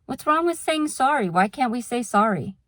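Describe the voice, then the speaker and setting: Her voice is on the high side, fairly bright, and animated, at normal speed, captured with clean studio sound and no room sound. As a vlogger doing a casual talking-head monologue, she explains things patiently through examples and drifts into a frank rant.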